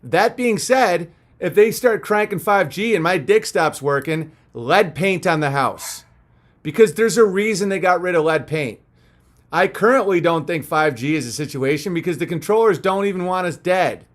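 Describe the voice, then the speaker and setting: A man's voice: high voice, expressive, moderate pace. A man hosting a live stream in a casual, rambling, crude and jokey way, reading out viewer messages, a little punch-drunk after hours of talking.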